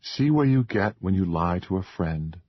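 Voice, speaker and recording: A composed woman speaks in a measured, patient way in an audiobook, voiced by a man. The tone stays low and husky. The recording is dull and dry. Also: dry recording. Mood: firm. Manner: steady, patient, scolding gently. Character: calm firm young woman. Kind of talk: audiobook character voice.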